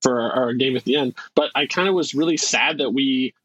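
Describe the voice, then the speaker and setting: A man co-hosting a casual movie podcast, talking in an animated way, laughing often and restarting his sentences. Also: mid-range voice, a little fast, husky, no room sound, dull audio. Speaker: podcast co-host. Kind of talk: casual chat.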